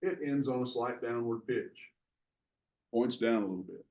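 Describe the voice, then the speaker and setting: A man teaching a class on writing, explaining ideas in a measured way with frequent pauses. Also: mid-range voice, warm tone, highs cut off. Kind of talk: classroom lecture.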